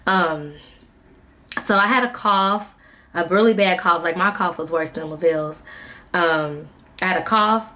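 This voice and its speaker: Chatty woman with a lowish voice. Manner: chatty, animated, acts out quoted dialogue. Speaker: vlogger. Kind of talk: casual storytelling to camera.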